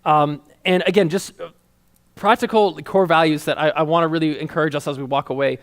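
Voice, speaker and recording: Fast, high-voiced male preacher. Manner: energetic, laughs often, quotes God in a lower voice. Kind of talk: sermon.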